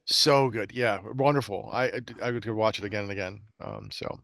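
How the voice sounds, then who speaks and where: A man's voice: on the low side, fairly quick, vocal fry, fairly bright tone, no echo. Chatty male podcast host, dry sound. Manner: enthusiastic, rambling with fillers. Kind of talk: casual chat.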